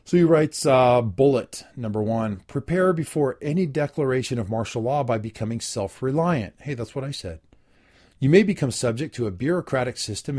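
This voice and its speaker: A man's voice: mid-range voice, a little mellow. A man hosting a spoken commentary, reading aloud from an article and breaking off for dry, wry asides of his own. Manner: plain, unhurried, frequent filler ums and uhs. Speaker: host.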